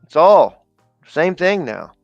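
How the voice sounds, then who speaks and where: A man's voice: a little high, very animated, slow pace, gravelly, no echo, dull audio, soft background music. A man co-hosting a casual livestream, talking loosely and rambling with slang and fillers.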